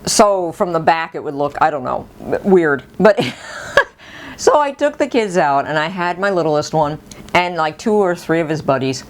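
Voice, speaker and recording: A middle-aged woman telling a personal story in a casual, animated way, laughing often. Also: deep voice, moderate pace, slight background noise.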